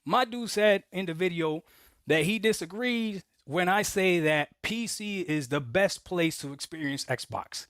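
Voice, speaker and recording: Lively, insistent man arguing gaming platforms. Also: sits high, measured pace, no room sound, studio quality. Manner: insistent, lecturing. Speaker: video commentator. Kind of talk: argumentative commentary.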